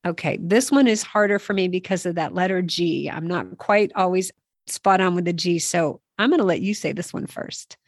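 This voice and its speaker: A woman's voice: on the low side, normal speed, no room sound, studio quality. A woman who is a native English speaker hosting a podcast language lesson, upbeat and self-deprecating as she prompts each word. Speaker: podcast host.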